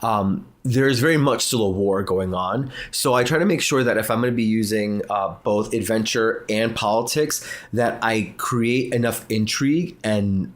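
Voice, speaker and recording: Low-voiced, enthusiastic male game master. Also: normal speed, few pauses. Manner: enthusiastic, animated explaining. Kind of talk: casual livestream chat.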